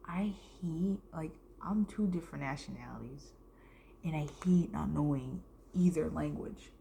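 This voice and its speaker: Young adult woman from the US, casual vlogger, rambling delivery with heavy vocal fry and the odd whisper. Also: deep voice, a little slow, warm tone, slight background noise. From United States. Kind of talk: casual storytime vlog.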